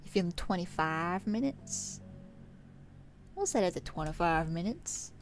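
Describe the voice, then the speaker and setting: A woman streamer chatting casually to her viewers on a work-along stream, bubbly and quick to giggle. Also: fairly low pitch, animated, faint music behind.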